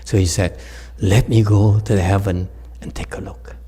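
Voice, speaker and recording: In a lowish, mellow voice with a breathy edge, a man speaks at normal speed and in a steady tone. He's a Buddhist meditation teacher giving a relaxed dharma talk full of stories and jokes, laughing frequently and speaking straight to his audience.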